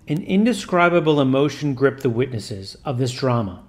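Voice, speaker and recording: A man narrating a religious story in a measured, solemn reading. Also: medium pitch, animated. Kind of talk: scripted narration.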